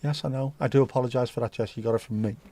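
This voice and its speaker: A man's voice: medium pitch, steady tone, racing, warm tone, a little hiss or hum. A middle-aged man with a Liverpool accent, hosting a livestream and chatting casually to his live chat with jokey, rambling asides. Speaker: livestream host.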